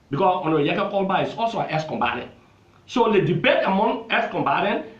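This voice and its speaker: A man's voice: a little high, fairly bright tone. A Liberian man, a lawmaker, making an emphatic, repetitive political argument in a television interview. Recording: roomy, dull television audio.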